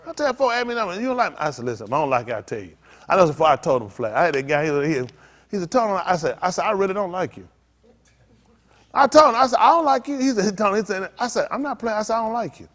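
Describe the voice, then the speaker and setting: A middle-aged man preaching as a pastor, telling stories and swinging from low mutters to loud outbursts while acting out what others said. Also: very animated, quick pace. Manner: quotes others in acted voices, repeats phrases. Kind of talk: preaching in a storytelling way.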